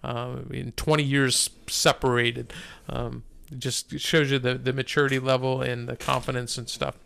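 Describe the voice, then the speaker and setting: A man's voice: mid-range voice, little pitch movement, moderate pace, gravelly, fairly bright tone, smooth, no room sound. A man in his fifties sharing a personal faith testimony in a casual, hesitant way, with frequent restarts. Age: 50s. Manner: hesitant, many restarts and fillers.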